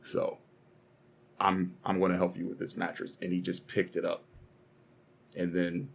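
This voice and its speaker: A man's voice: deep voice, completely flat delivery, a little slow, vocal fry, breathy edge. A young man co-hosting a casual podcast, rambling and swearing as he argues and tells stories. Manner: profane, rambling, heated storytelling. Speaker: podcast co-host.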